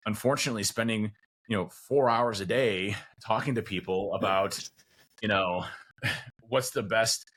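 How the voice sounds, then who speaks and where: A man's voice: lowish voice, unhurried, fairly bright tone. A man, likely a father of teens, chatting casually as a podcast guest, rambling with lots of fillers and acting out quoted conversations. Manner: rambling, many fillers and restarts; acts out quoted dialogue.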